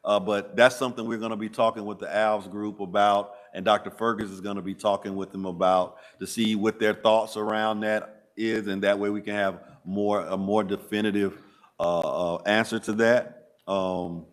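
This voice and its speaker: A man with a Southern US accent answering board members' questions at a public school meeting, measured and hesitant. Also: lowish voice, level tone. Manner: measured, hesitant with frequent uh fillers. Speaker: school district administrator.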